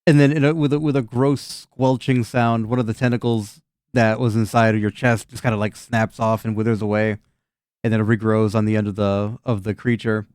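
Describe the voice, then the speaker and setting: A man's voice: lowish voice, little pitch movement, brisk, a little mellow, clear, resonant tone, dry recording, clean studio sound. Laid-back man running a tabletop game. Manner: casual, laughing, swears often, many fillers. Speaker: game master.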